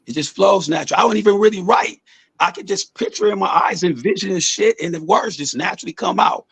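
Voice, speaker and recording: A man's voice: high voice, quick pace, creaky, a bit bright, slightly rough. A man, a music artist, talking loosely and at length about his songwriting in a casual interview, swearing often.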